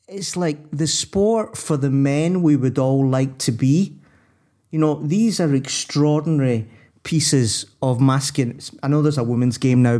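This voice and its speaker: A man's voice: mid-range voice, warm tone. A man co-hosting a sports podcast, rambling and restarting as he thinks aloud. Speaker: podcast co-host. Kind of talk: casual sports chat.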